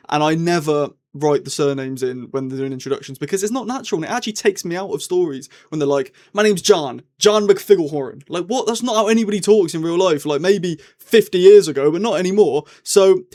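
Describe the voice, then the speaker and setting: Brief: young man, reviewer type, slightly higher voice, rambling and chatty, casual review monologue. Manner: chatty and rambling, with lively swings in tone.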